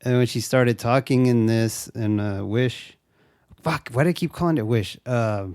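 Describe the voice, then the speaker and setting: A man's voice: mid-range voice, normal speed, darkish tone, clean tone, dry recording, clean studio sound. Joking, profane young man reviewing a film. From Mexico. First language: Spanish. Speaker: co-host. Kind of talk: casual movie review chat.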